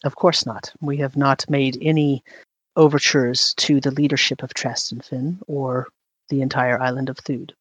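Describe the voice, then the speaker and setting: Brief: a game master as a haughty queen, curt and guarded, middle pitch, dry sound. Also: flat delivery, moderate pace, a bit bright, husky, no room sound. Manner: curt, guarded, answers questions with questions. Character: haughty evasive woman ruler of an island city.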